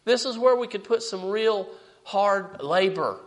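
A man with a high voice preaching a sermon. He reads scripture aloud and presses each point with rising emphasis. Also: lively intonation, unhurried, poor audio.

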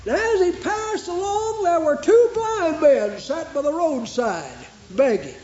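A male preacher delivering a fervent sermon in a strikingly high voice. He speaks slowly and builds through rhythmic repetition into shouts. The recording is roomy and echoing, with a dull, muffled lo-fi tone. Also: sing-song.

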